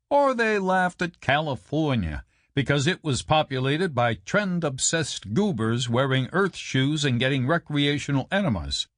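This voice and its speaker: A man reads a humorous nonfiction audiobook in a wry, deadpan way. His voice sits a touch higher than most men's and swings wildly up and down, jumping high on the punchlines. The studio sound is dry and close. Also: no echo. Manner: wry deadpan delivery with sudden jumps in pitch for punchlines. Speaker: audiobook narrator. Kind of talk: comic audiobook narration. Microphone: close studio mic.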